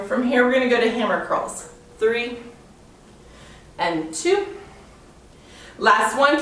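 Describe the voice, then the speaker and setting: A woman's voice: on the high side, fairly bright tone, a little hiss or hum. A woman teaching a yoga workout, counting reps and cueing moves while exercising and out of breath. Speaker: yoga and fitness instructor. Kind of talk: guided workout instruction. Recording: very echoey room, voice from a distance.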